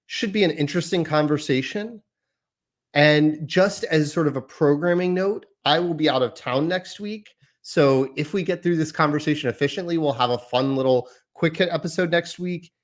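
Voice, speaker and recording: A man in his thirties hosting a casual podcast, talking in a chatty, rambling, self-deprecating way. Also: on the high side. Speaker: podcast host.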